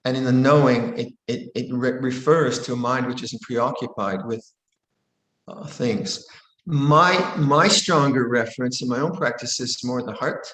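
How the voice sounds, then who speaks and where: An older man, a Buddhist monk, giving a calm dharma talk and answering a question, often repeating and restarting his phrases. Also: mid-range voice, unhurried. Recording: roomy echo.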